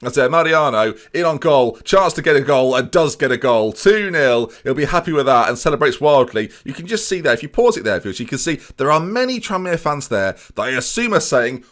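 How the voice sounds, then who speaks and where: A man rattles through casual gameplay commentary at a quick clip. His pitch swings widely as he talks straight to his viewers. He adds self-mocking asides along the way. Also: very animated, fairly bright tone. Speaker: video game let's-play host.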